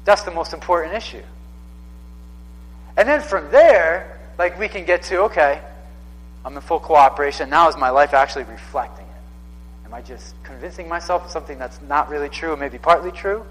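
A man's voice: on the high side, normal speed, a bit bright, big-room sound, poor audio. A man in his thirties preaching a sermon in a casual, conversational way, often repeating himself for emphasis. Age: 30s. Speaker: pastor.

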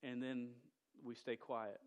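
A man's voice: mid-range voice, fairly even intonation, slow pace, clean tone. A man preaching a sermon in a casual, slangy way, often stuttering and repeating the start of words. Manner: says "dude" and "y'all".

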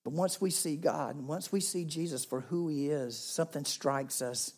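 A man preaching a sermon, telling a story with swings between loud, lively passages and hushed, quiet ones. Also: on the high side, normal speed. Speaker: pastor.

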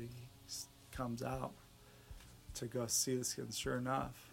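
A man retelling someone's story in a conversational, halting way, dropping his voice at the intense moments. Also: mid-range voice, monotone, gravelly, fairly bright tone, soft background music. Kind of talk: storytelling talk.

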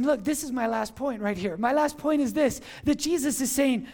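A pastor preaching a sermon at a church service, impassioned, rising into shouts and calling on the congregation to respond. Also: high-pitched, normal speed, hardly any pauses.

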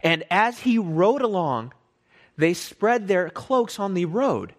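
A man teaching from the Bible in a casual sermon style, animated and conversational, often repeating and correcting himself. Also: high-pitched, takes it slowly.

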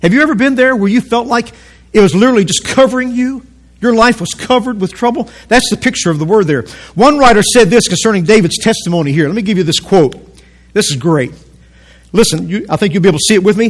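Male pastor, high voice, emphatic pulpit preaching in a church auditorium. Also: lively intonation. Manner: emphatic preaching, slows down for quotes and calls the congregation to repeat. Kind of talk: sermon.

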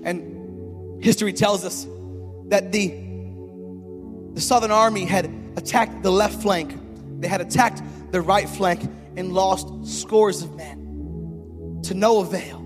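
High-voiced man preaching in an echoing hall. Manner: storytelling, builds from chatty asides to shouted climaxes; calls for audience response. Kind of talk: sermon.

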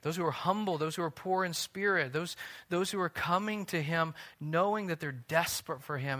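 A man in his thirties delivers a sermon with a bright, forceful voice set a little high. He preaches earnestly, pressing hard on key phrases and then easing into quiet, intimate stretches. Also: normal speed. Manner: earnest preaching, building to emphatic peaks then dropping soft. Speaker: pastor.

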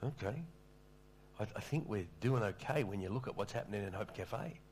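Pastor, low conversational voice. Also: male voice, expressive, moderate pace, a little mellow, a little hiss or hum. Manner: conversational, self-deprecating, stammers on restarts. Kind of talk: sermon with storytelling.

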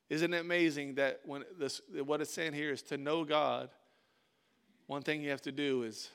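A man's voice: on the high side, fairly even intonation, normal speed, a bit bright, smooth. A male pastor preaching a sermon in an informal, conversational way, repeating words for emphasis.

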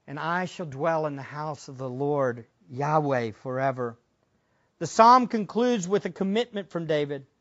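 A man preaching a sermon as pastor, impassioned, moving between hushed and loud passages. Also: high-pitched, highs cut off.

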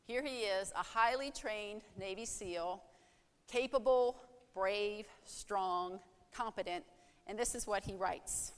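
A woman's voice: mid-range voice, slow, clear, resonant tone, big-room sound. A woman preaching a sermon in an earnest way, asking rhetorical questions and acting out heartfelt prayers.

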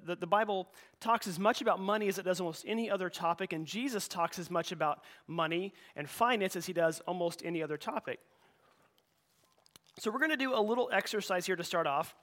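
A man with a notably high-pitched voice delivers a sermon to his church. He talks in a relaxed, conversational way, often repeating words and restarting his sentences as he goes. He sounds middle-aged. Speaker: pastor. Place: church sanctuary.

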